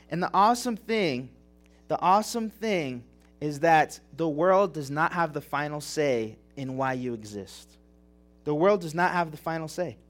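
A young man preaching a sermon as pastor, earnest and emotional, repeating phrases and asking rhetorical questions. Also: a little high. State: tearing up.

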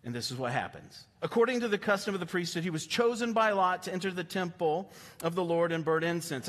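Male pastor, sermon, high voice, emphatic and animated, long hall reverb. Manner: animated, emphatic, repeats words. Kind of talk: sermon, reading and explaining scripture.

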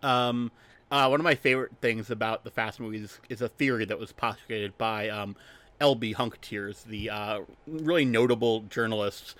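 A man's voice: lowish voice, normal speed, fairly bright tone, no room sound. Joking male movie podcast co-host. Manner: rambling, jokey, filler-heavy. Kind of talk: casual movie recap chat.

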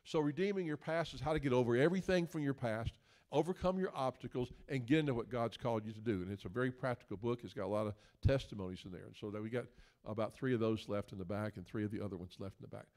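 A man's voice: medium pitch, fast talker, darkish tone. A male guest preacher, delivering a folksy, joking sermon that builds into emphatic questions.

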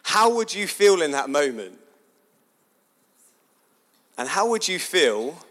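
A lively man gives a sermon-style talk in a casual, chatty way. He keeps asking his listeners questions, and his voice sits a touch high for a man. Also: slow pace, long pauses. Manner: animated, chatty, asks the audience questions.

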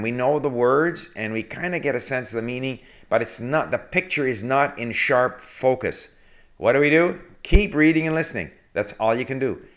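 A man hosting a casual spoken language lesson, rambling with fillers and self-corrections and translating passages word by word. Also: medium pitch. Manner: reads foreign passages slowly and translates word by word. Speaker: language learning video host.

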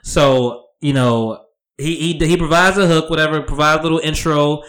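A man co-hosting a podcast in casual chat, animated and profane, often acting out quotes. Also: on the high side, moderate pace. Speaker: podcast co-host.

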